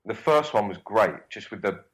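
A man's voice: fairly low pitch, expressive, normal speed, a bit bright, poor audio. A young man with a Cockney accent, an actor chatting as an interview guest, rambling and swearing freely. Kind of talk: casual interview chat.

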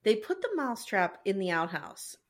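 A woman's voice: medium pitch, normal speed. A woman co-hosting a podcast, telling a recap in a casual, profane, laughing way. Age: adult with children. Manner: animated, laughing, profane storytelling. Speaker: podcast co-host recapping a show. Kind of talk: casual chat.

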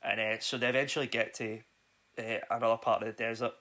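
Bright-voiced man recapping a film. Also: mid-range voice, level tone, quick pace. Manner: hesitant, lots of fillers. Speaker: podcast co-host. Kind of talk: casual plot recap.

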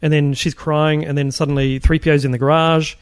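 A man's voice: fairly high pitch, level tone, a little fast, smooth, dry recording. A middle-aged man, a guest in a casual interview, rambling with many restarts as he recalls his work. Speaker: guest, film puppet and props builder.

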